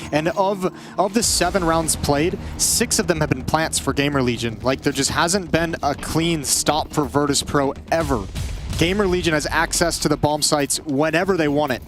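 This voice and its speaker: A male analyst with a fairly high voice breaks down the match in detail. He often restarts his phrases and slows right down to stress key points. A light background hiss runs beneath him. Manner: analytical, with stammered restarts and slowed emphasis. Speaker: esports analyst. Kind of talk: color commentary.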